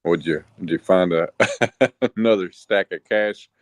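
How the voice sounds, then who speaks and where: A man's voice: low-pitched, a little slow, dry recording. A man co-hosting a casual talk show, opening it and throwing in joking, teasing remarks with laughter. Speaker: co-host. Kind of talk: casual podcast banter.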